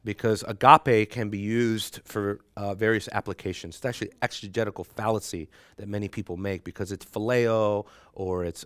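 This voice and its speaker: A man's voice: on the low side, a bit bright, no room sound, studio quality. Bantering male Bible class teacher. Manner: joking, teasing students, laughs often. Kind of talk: conversational class lecture.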